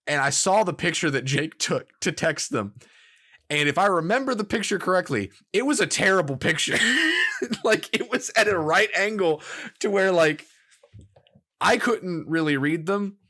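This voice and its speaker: A man co-hosting a gaming podcast, telling a story in casual chat, animated and laughing as he quotes others. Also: a little high, normal speed. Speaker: podcast co-host.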